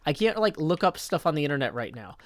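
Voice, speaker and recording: A man's voice: fairly high pitch, very animated, fast talker. Chatty man streaming live. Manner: chatty, thinks aloud, reads viewer chat. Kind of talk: casual live-stream chat.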